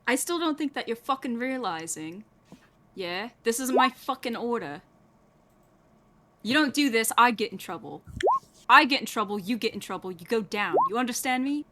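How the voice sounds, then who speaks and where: A woman's voice: on the high side, expressive, moderate pace, pushed and bright, a little hiss or hum, voice pushed up. A woman voicing a threatening, foul-mouthed male cop who swears and pushes hard. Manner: menacing, swearing, pushy.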